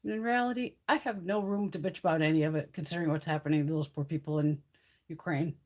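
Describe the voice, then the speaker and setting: A woman's voice: low-pitched, fast talker, darkish tone. A woman hosting a beauty livestream, chatting casually with viewers, blunt and swearing freely, with frequent laughs. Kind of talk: casual live chat with viewers. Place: home on a mountain.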